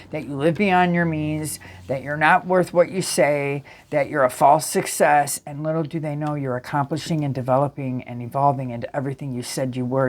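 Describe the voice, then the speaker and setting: A woman's voice: low-pitched, a little mellow. Earnest woman giving a tarot reading. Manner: earnest, emphatic, with frequent restarts and self-corrections. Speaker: tarot reader. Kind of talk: casual spiritual tarot reading to viewers.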